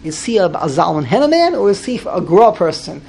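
A man's voice: high voice, sing-song, a little fast, creaky, crowd noise. Casual male teacher, informal class, frequent restarts and repetitions. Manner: repeats words, restarts, demonstrates chanting. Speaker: Torah reading teacher.

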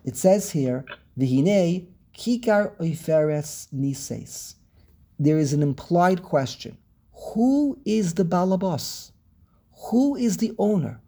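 Gravelly, husky man teaching a text. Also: high-pitched, animated, warm tone. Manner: halting, repeats words while searching; Hebrew terms woven into English. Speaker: Torah teacher. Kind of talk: online text class.

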